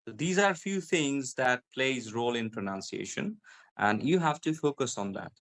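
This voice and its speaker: A man's voice: medium pitch, expressive, normal speed, fairly bright tone. A man with a British accent explaining pronunciation as a guest, repeating example words to show stress and intonation. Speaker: guest English pronunciation speaker. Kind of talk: explanatory conversation.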